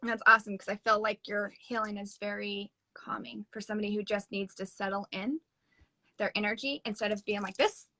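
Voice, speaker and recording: A woman hosting a casual interview chat, enthusiastic and full of quick restarts. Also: mid-range voice, steady tone, sharp tone, dry recording, poor audio. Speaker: host and medium.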